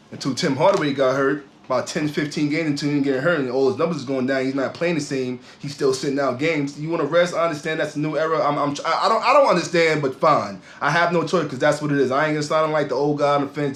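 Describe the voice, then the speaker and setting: A man's voice: on the high side, fast talker, a bit bright, reverberant. A man co-hosting a sports podcast, ranting heatedly in casual talk and often repeating his words. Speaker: podcast co-host.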